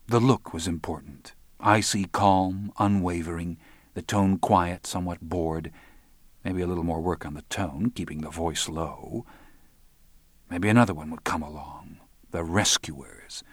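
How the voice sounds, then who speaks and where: A man narrating a crime audiobook in an even, measured way. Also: low voice, no echo.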